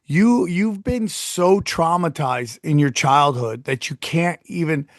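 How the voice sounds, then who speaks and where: A man's voice: on the high side, takes it slowly, no echo, clean studio sound. Blunt, profane middle-aged male podcast host. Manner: blunt, profane, rambling with restarts. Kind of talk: casual podcast chat.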